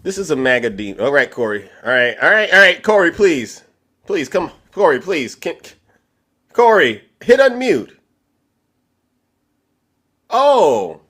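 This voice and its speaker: A man hosting a live online debate stream, teasing his guest theatrically and swinging from loud outbursts to hushed asides. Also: on the high side, very animated, measured pace, long pauses. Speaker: livestream debate host. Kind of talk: animated mocking commentary.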